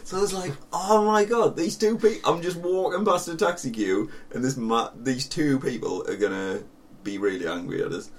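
Young Sunderland podcast co-host, storyteller, mid-pitch voice, sits a bit back from the mic. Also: male voice, normal speed, hardly any pauses, recorded from a distance. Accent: Northern English (Sunderland). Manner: animated storytelling, swearing, laughing. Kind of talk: casual chat.

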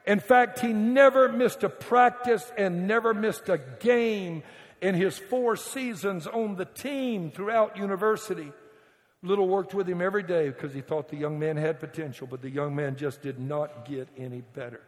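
A man preaching a sermon as pastor, telling a story with dramatic swings from hushed tones to shouting. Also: on the high side. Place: church sanctuary. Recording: church hall reverb.

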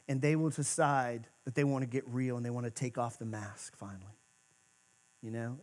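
A male pastor giving a sermon in a church, talking conversationally and moving between emphatic and hushed moments. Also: medium pitch. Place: church sanctuary.

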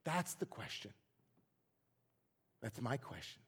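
A man's voice: mid-range voice, very animated, slow pace, fairly bright tone, slightly rough, big-room sound. A man who is a rabbi, delivering an earnest, reflective sermon full of searching questions.

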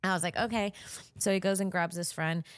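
A woman's voice: lowish voice, flat delivery, fast talker, no echo, studio quality. A woman in her thirties, a comedian co-hosting a podcast, telling a story in casual chat. She acts out the people she quotes and laughs often.

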